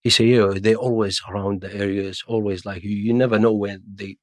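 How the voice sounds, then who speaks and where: A man's voice: fairly low pitch, level tone, brisk, no room sound. A middle-aged Iraqi man, native Arabic speaker, telling his story in broken English with London slang and acting out other people's voices, as a podcast guest. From Iraq. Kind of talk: casual storytelling interview.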